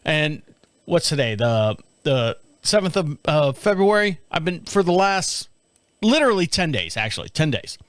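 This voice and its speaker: A man's voice: on the high side, normal speed, no room sound. A man hosting his own show, telling a casual story alone and acting out the voices in it with frequent laughs. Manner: animated, acts out quoted voices, laughs often. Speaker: podcast host.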